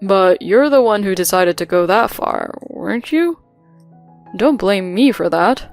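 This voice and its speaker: A woman's voice: mid-range voice, lively intonation, a little slow. A woman voicing a cold, dismissive husband in a narrated story, speaking curtly over faint music. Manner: curt, dismissive.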